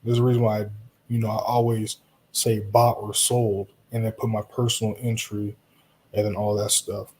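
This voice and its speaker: A man hosting a live stream in a relaxed, reassuring way, chatting to viewers and answering their comments. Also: lowish voice, moderate pace. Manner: relaxed, reassuring, talks straight to viewers with frequent "you know" and "right?".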